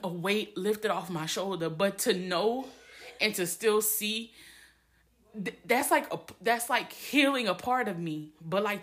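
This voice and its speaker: A woman's voice: medium pitch, fairly bright tone. A young adult woman podcasting alone, talking candidly and emotionally with many restarts, a little teary. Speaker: podcast host. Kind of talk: personal monologue.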